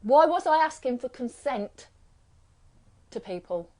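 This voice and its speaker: A woman's voice: high voice, lively intonation, unhurried, a little mellow. A middle-aged British woman hosting a live stream, chatting casually and rambling through strings of rhetorical questions. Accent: British English. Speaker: live-stream host and card reader. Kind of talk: casual chat.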